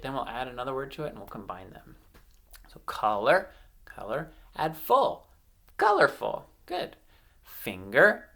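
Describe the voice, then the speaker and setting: Low, gravelly teacher woman. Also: a bit bright. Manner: sing-song encouraging drills, stretched words. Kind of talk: online classroom lesson for young children.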